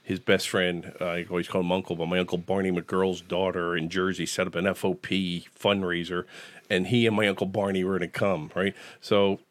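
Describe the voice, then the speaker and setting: A man's voice: low voice, flat delivery, fairly quick, dry recording. A man hosting a comedy podcast, telling anecdotes with punchy comic timing that builds to punchlines. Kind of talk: comedic storytelling chat.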